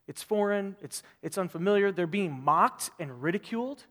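A man preaching a sermon as pastor, animated, repeating phrases and acting out quotes. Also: sits high, normal speed, hardly any pauses, big-room sound.

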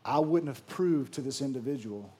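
A man preaching a sermon, swinging from loud emphatic lines to hushed storytelling. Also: medium pitch, lively intonation, moderate pace, noisy background. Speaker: pastor.

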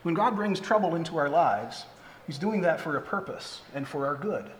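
A man's voice: a little high, animated, normal speed, slight background noise. Middle-aged man preaching in an echoey hall. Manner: conversational preaching with fillers and restarts. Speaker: pastor. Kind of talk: sermon. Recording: echoey hall with faint ambience.

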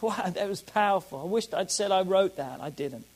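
A man preaching a sermon as a pastor, emphatic and repeating key phrases, swinging between loud declarations and soft asides. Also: sits high, animated, moderate pace, slightly rough, poor audio.

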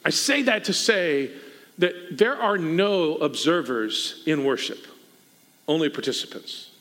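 A man's voice: a little high, lively intonation, slow, bright, forceful tone. A man preaching a sermon as a pastor, conversational and given to joking asides. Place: church sanctuary. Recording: long reverb of a hall.

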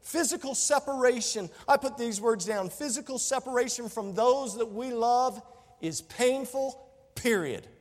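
High-voiced preaching pastor in a reverberant hall. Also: male voice, measured pace. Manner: impassioned preaching, repeats phrases for emphasis. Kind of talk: sermon.

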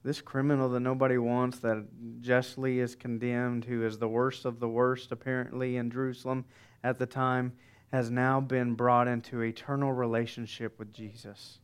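A pastor preaching a sermon, emphatic, with dramatic soft pauses. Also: male voice, medium pitch, level tone, clear, resonant tone.

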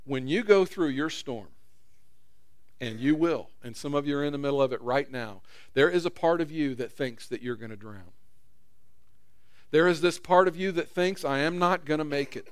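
Smooth-voiced preaching man, close and dry. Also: on the high side, expressive, normal speed, long pauses, dry recording. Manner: conversational preaching, acts out quotes with rising intensity. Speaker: pastor. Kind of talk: sermon.

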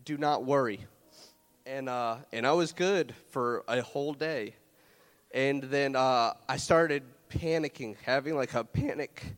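A man's voice: medium pitch, unhurried. A young man preaching a sermon in a loose, conversational way, earnest and close to tears as he shares a personal story. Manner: earnest, emotional, fighting tears; loose, conversational, many fillers and restarts. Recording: long hall reverb.

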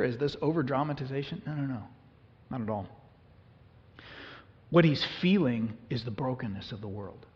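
A man preaching a sermon as a pastor, earnest and emphatic, his voice rising suddenly to loud peaks. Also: medium pitch, moderate pace, long pauses. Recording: muffled, reverberant hall recording.

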